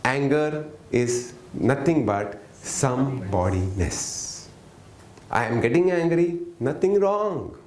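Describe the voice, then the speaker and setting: A workshop teacher with a mid-range, darkish, expressive voice speaks slowly over slight background noise in an echoey room. He teaches interactively, often asking his audience questions, waiting for them to reply, and coaxing them to answer.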